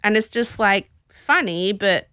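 A woman hosting a casual podcast, telling a story in an animated, chatty way. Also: mid-range voice, measured pace, clean tone, no room sound, studio quality. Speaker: podcast host. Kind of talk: casual chat recapping a show.

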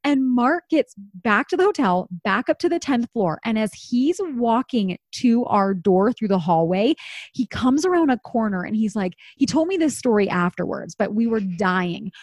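In casual conversation, a lively woman tells a story, performing the quotes and laughing frequently. She has a fairly high voice and a moderate pace, captured as clean studio sound with no room echo.

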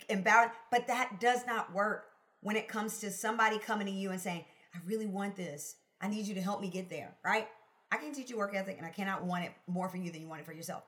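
Woman guest, lively storyteller, bright forceful tone, emphatic delivery. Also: medium pitch. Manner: expressive, emphatic, laughs often, lively storytelling. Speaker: podcast guest, sales consultant. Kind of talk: casual interview conversation.

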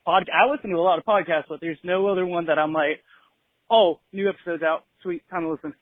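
A young man from California calls in to a show and leaves a friendly, laid-back voicemail. His voice sits high and comes through a thin, tinny phone line. The sound is dry, with no room around it. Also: fairly even intonation, fast, no room sound. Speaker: caller. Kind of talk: voicemail to a podcast.

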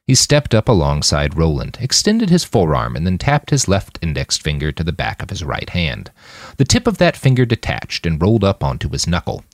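A man narrating his own fiction podcast in an expressive, scripted reading. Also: low voice, no echo, clean studio sound.

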